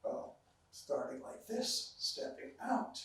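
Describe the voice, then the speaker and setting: A man's voice: medium pitch, sing-song, slow, gravelly, fairly bright tone. A man teaching a qigong class, talking students through movements, counting breaths aloud with long exhaled sounds, and a little out of breath. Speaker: qigong instructor. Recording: very echoey room, voice far from mic.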